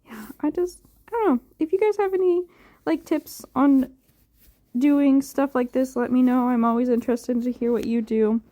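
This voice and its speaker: A woman's voice: high-pitched, moderate pace, mellow, no echo, clean studio sound. A tired young woman chatting casually about dyeing her hair, rambling and unsure with lots of filler words. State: tired, yawning. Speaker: hair dye vlogger. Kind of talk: casual voice-over chat.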